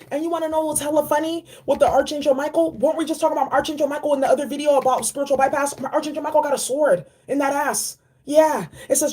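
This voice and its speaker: A woman giving a casual spiritual card reading, animated and slangy, repeating key phrases. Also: high voice, fast. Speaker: tarot and oracle card reader.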